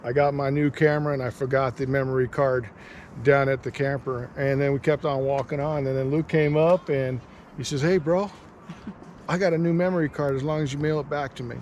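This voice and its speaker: A man's voice: mid-range voice, steady tone, fairly quick, a little mellow, slight background noise. Jokey older man telling a trail story. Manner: easygoing, jokey, tells a story to camera. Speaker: vlogger. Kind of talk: casual storytelling vlog chat. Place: outdoors by a mountain lake.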